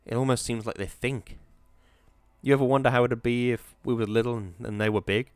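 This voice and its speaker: A man's voice: mid-range voice, steady tone, a little fast, darkish tone, clear, resonant tone, no echo, close to an everyday voice. A man voicing a fearful, complaining middle-aged mill worker, plaintive and pleading. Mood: doleful.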